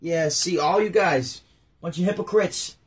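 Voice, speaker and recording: A laid-back male Jesus talks in casual street slang, easygoing and a bit lecturing, as a man puts him on. His voice sits fairly high. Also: unhurried, natural voice. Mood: preachy.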